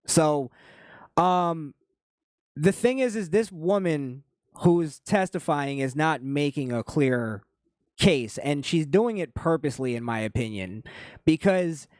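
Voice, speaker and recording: Emphatic podcast host, dry close mic. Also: male voice, fairly high pitch, animated, slow, no echo. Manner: emphatic, repeats points, frequent restarts and fillers. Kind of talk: opinionated political commentary.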